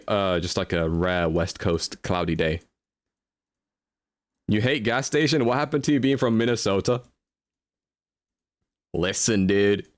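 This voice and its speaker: A man's voice: fairly low pitch, no echo. A young man streaming live, chatting casually as he thinks aloud through a guessing game and answers his chat.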